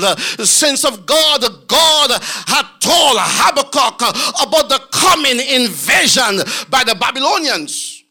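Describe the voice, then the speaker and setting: A man preaching a fervent sermon as pastor, in a sing-song, shouting style with frequent fillers and repeated words. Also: extremely high pitch, very animated, slow pace, hardly any pauses.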